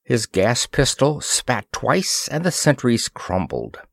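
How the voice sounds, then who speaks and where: A man narrating a pulp science fiction story in a measured, expressive way. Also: mid-range voice, creaky, dry recording, studio quality. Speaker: audiobook narrator.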